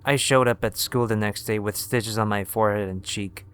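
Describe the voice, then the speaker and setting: A man narrating a first-person horror story in a steady, scripted storytelling manner. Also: on the low side, normal speed, smooth.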